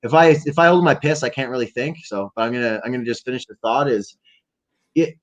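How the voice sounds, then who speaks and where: A man's voice: mid-range voice, fast, highs cut off. A man hosting a late-night call-in chat, talking in a profane, rambling, joking way. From Canada. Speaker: host. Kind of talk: casual chat.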